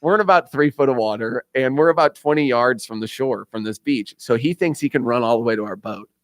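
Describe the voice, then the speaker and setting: A man's voice: medium pitch, fairly quick, no room sound. A man with an Indiana accent telling a long story on a radio show, acting out other people's lines and laughing often. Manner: animated storyteller, acts out voices, laughs often. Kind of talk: casual storytelling chat.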